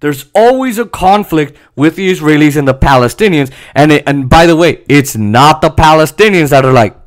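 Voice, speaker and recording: A man hosts a solo podcast, talking in a heated, sarcastic rant. His voice sits a little higher than most men's, and he mocks the other side with scornful asides. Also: expressive, moderate pace. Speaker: podcast host. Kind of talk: solo political commentary podcast.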